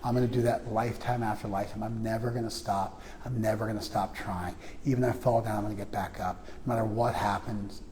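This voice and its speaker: A man giving a spiritual lecture to a class, animated, swinging between quiet and loud, often checking in with "you follow?". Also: lowish voice, fast, few pauses, in a large hall. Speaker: spiritual teacher. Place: class room in a temple.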